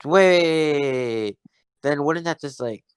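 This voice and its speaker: Brief: hesitant male debater, mid-pitched, dry close sound. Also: a bit bright, dry recording. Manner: hesitant, halting, keeps interrupting himself. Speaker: debate opponent. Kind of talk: casual online debate.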